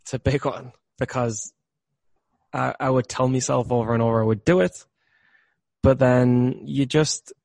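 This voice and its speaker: A man's voice: medium pitch, vocal fry, a little mellow, no echo. A man talking candidly about his trading habits, rambling and repeating words, laughing at himself now and then. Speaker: trader.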